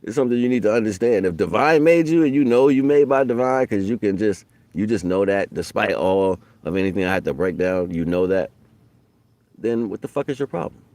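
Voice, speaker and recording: Deep-voiced man in a loose, profane monologue. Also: expressive, a little fast, dry recording. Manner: street slang, loose and profane, rises loud for quoted voices. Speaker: spiritual talk streamer. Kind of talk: casual spoken monologue.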